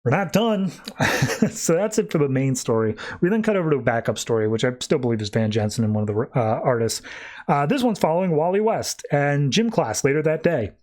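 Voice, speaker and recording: A man hosts a comics podcast, walking through the plot in a loose, chatty way. His voice sits a little high, and he keeps jumping into quick voices for the characters as he tells the story. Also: a little mellow. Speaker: podcast host. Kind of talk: casual comic recap with acted-out voices.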